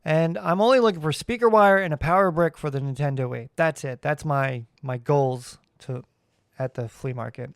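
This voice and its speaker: Male solo podcast host, slightly high voice, dry close sound, wry rambling chat. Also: normal speed, gravelly, no echo. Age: adult parent.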